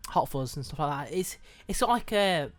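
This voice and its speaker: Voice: mid-range voice, lively intonation, a little fast, no room sound, soft background music. A young podcast co-host chatting casually about a film, with stumbling restarts.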